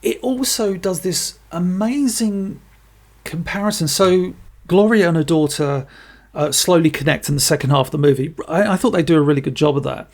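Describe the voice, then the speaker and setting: An enthusiastic male podcast host reviews a film in loose, casual chat, swearing freely. His voice is gravelly. It sits somewhat high. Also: normal speed, darkish tone.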